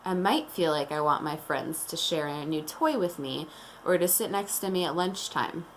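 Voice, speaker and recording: A woman teacher leading a morning meeting lesson, explaining slowly and calmly to young children. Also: low voice, slight background noise. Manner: slow, calm and deliberate, explaining to young children.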